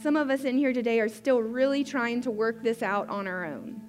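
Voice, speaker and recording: A woman preaching a sermon in a gentle, unhurried way. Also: on the high side, soft background music. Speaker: pastor.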